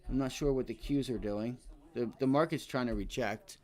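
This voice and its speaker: Trader host, man in his 30s, mid-pitched, casual running commentary, mutters and cusses. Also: moderate pace, darkish tone. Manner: talks to himself and the chart, swears, frustrated at times. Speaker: day trading livestream host. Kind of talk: casual live trading commentary.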